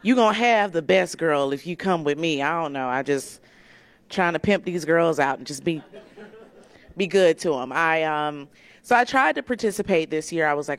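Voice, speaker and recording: A woman's voice: deep voice, animated, normal speed, dry recording. A woman from Georgia performing brash, crude stand-up comedy and often laughing through her lines. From Decatur, Georgia, USA.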